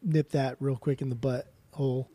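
A man co-hosting a podcast, talking in an animated, mocking casual way and swearing often. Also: mid-range voice, normal speed, breathy edge, dry recording. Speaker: podcast co-host. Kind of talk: casual chat.

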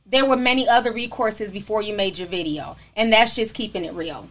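A woman's voice: medium pitch, fairly quick, fairly bright tone. A woman hosting a livestream, reading viewer messages in a sassy, casual way and calling the audience honey and sis. She says she is still coughing. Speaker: livestream host reading super chats.

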